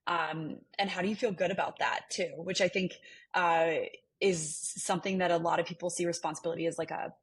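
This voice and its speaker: A woman hosting a podcast conversation, with a slightly low voice that has a soft husky edge. She affirms what her guest says, then moves on with casual questions full of "like" and "um". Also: fairly even intonation, fairly quick. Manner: warm and affirming, asks questions, many fillers like "like" and "um". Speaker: podcast host. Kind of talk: casual interview.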